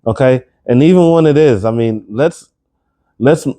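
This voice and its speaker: Emphatic man with a mellow voice. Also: medium pitch, measured pace. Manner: emphatic, incredulous rhetorical questions. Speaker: commentary vlogger. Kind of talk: opinion commentary to camera.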